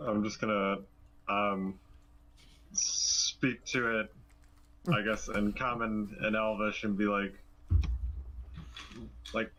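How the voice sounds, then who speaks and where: A man's voice: lowish voice, little pitch movement, slow, pauses often, pushed and bright, a little hiss or hum, low-quality recording. A man playing a tabletop game with friends, chatting in a playful, joking way. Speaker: player. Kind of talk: casual tabletop game chat.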